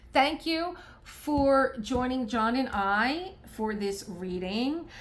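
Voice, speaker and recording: A woman's voice: high voice, lively intonation, very slow, slight background noise. A middle-aged woman from the United States chatting to camera while she does a craft, rambling and heartfelt, with many restarts and quoted asides. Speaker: crafting vlogger. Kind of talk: casual talk to camera while diamond painting. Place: home art room.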